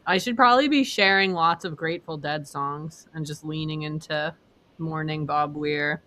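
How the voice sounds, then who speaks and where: A woman's voice: deep voice, normal speed, fairly bright tone, slight background noise. A woman in a casual meeting over a video call, asking questions and chatting with fillers.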